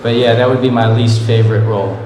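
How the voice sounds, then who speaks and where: A man's voice: mid-range voice, steady tone, quick pace, noisy background. A man answering fan questions at a convention panel, telling casual rambling anecdotes and laughing often. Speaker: convention panel guest, voice actor. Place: large convention hall. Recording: echoey hall with crowd. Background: audience murmur.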